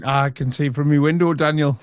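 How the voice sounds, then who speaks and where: A man's voice: on the high side, fairly even intonation, brisk, clean tone. A man hosting a show and commenting over a video in a dry, sarcastic way. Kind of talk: reaction commentary.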